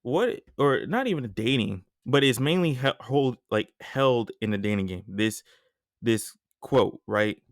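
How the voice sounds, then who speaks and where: A young man hosting a podcast, telling a story in a casual, slangy, animated way with lots of asides. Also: medium pitch, measured pace, dry recording, studio quality. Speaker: podcast host.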